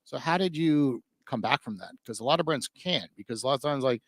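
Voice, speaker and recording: A man's voice: mid-range voice, lively intonation, fairly quick, dry recording. Male podcast host, speedy and casual, rambling filler-laden questions, dry close sound. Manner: rambling, filler-heavy, full of "like" and "you know". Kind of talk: casual interview chat.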